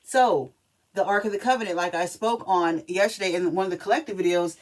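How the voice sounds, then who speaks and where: A woman's voice: on the low side, a little fast. A woman talking casually to camera as a spiritual reader, chatty and emphatic, often checking in with the listener. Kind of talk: casual spiritual reading video.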